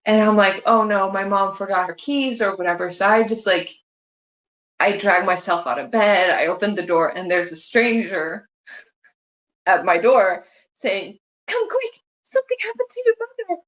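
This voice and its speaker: A woman's voice: medium pitch, a little slow, a bit bright. A woman casually telling funny family anecdotes to her mother and laughing often. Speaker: family member sharing memories. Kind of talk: casual storytelling. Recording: echoey room, dull sound.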